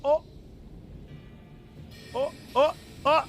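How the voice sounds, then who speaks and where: A man hosting a live game stream, chatting casually and yelling excitedly at what happens on screen. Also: high voice, unhurried, pauses often. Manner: excitable, yelps and shouts at the game. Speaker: streamer host.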